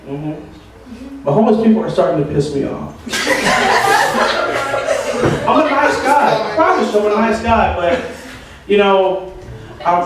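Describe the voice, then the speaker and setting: Stand-up comic, male, higher voice, rambling rants; echoey room, mic at a distance, crowd audible. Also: noisy background. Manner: rambling, ranting storytelling. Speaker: open mic comedian. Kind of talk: stand-up comedy. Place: open mic venue with audience. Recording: echoey room from far off, audience.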